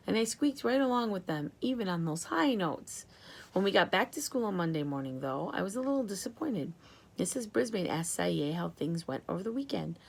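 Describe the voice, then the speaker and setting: A woman narrating a children's book in an expressive storytelling manner. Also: mid-range voice, fairly quick, creaky. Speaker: audiobook reader.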